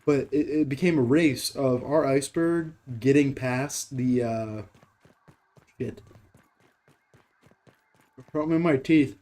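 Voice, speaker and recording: A man's voice: mid-range voice, takes it slowly, long pauses, warm tone. A man hosting a gaming channel who tells a rambling, profane story while playing, full of fillers and rhetorical questions.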